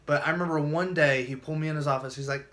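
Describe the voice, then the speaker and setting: A man's voice: on the high side, steady tone, rapid-fire, background noise. A man telling his own story in a casual vlog, earnest and emotional, often restarting his sentences.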